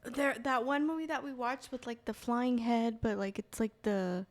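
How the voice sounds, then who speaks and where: Rambling woman with a bright, higher voice. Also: steady tone, moderate pace. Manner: rambling, full of fillers. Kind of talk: casual group chat.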